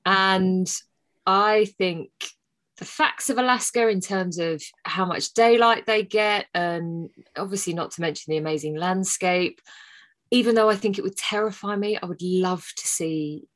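A woman co-hosting a casual podcast, telling stories with frank, animated energy. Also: medium pitch, a little slow. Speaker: podcast co-host. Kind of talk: casual chat.

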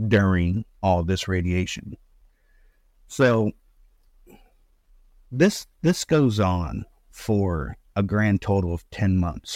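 Low-voiced father, halting and emotional. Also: a little mellow, dry recording. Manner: rambling, halting, with many restarts and fillers. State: holding back tears. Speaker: guest, bereaved father. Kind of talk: emotional personal storytelling in an interview.

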